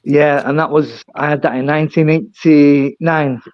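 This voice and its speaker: A man's voice: a little high, steady tone, normal speed, no room sound, muffled recording. An older man with a British accent, chatting casually as a guest, rambling and self-deprecating. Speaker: guest caller. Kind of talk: casual chat.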